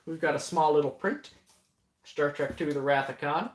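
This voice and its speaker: A man's voice: a little high, normal speed, a little hiss or hum. A man co-hosting a casual unboxing livestream at home, joking and teasing. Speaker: livestream co-host. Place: home basement. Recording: echoey room, mic at a distance.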